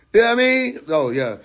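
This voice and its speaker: A man rants casually on a livestream, swearing freely and laughing through his points. His voice sits high for a man. It sounds picked up on a phone. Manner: profane, laughs often, animated. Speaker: livestream host.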